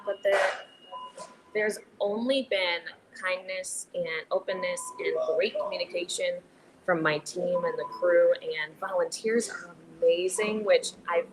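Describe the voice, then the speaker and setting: A young adult woman, a theater director, talking casually in a podcast interview with many fillers and restarts. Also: on the low side. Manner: chatty, many fillers and restarts, laughs easily. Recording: noticeable background noise.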